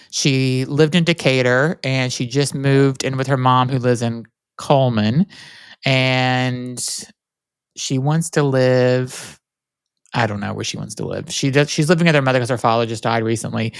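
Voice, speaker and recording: A man hosting a podcast, with a smooth, clear voice recorded close and dry. He chats freely, tells stories and keeps up a steady flow of encouraging replies. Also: mid-range voice, normal speed, no echo. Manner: chatty, storytelling, frequent affirming fillers. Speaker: podcast host. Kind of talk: casual interview conversation.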